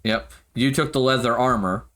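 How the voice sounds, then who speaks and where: A man running a tabletop game as game master, narrating scenes with many halting fillers. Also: medium pitch, a bit bright.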